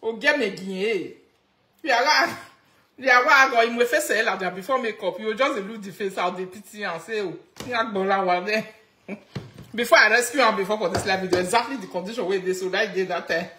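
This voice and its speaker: A Nigerian woman ranting on a casual live stream, excitable and mocking, switching between pidgin and local phrases. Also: medium pitch, fast talker, echoey room. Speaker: live-video gossip commentator.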